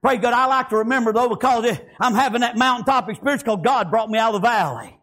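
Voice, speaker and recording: A man preaching a fervent sermon, breaking into shouts and filling every pause with "praise God" and "amen". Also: very high voice.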